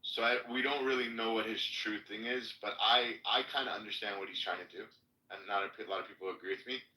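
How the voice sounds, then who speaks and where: A man's voice: lowish voice, fairly even intonation, quick pace, sharp tone, roomy sound, recorded from a distance, low-quality recording. A man hosting a casual livestream chat, rambling and blunt, swearing now and then. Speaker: livestream host.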